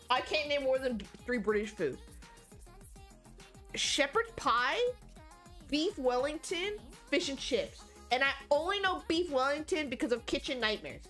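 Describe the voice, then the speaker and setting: A young woman with a high voice rambles to her live-stream chat in a loose, animated way, cursing freely and tripping over her own sentences. Faint music plays quietly behind her. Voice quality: chatty, animated, swears freely. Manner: talks to chat, frequent fillers and restarts.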